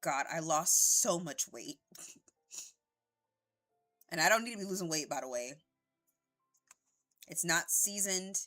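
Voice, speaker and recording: A woman's voice: lowish voice, expressive, slow, long pauses, sharp tone, faint music behind. A young woman at home giving casual, rambling gameplay commentary on a headset mic, swearing freely. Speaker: streamer.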